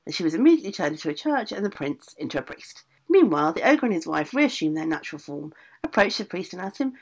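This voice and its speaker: A woman reading a fairy tale aloud, lively, adding casual asides as she goes. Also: on the low side, fast, few pauses. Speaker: storyteller.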